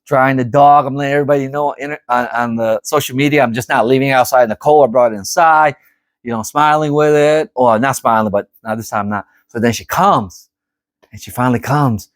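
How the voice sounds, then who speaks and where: A middle-aged man telling a story to camera in a casual, animated, rambling way, often repeating himself. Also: medium pitch, fairly quick, no room sound, clean studio sound. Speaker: vlogger.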